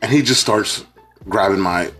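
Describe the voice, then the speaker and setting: A young man co-hosting a podcast, telling a story in casual chat, animated and laughing through it as he acts out quotes. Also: fairly low pitch, moderate pace, slightly rough, soft background music. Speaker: podcast co-host.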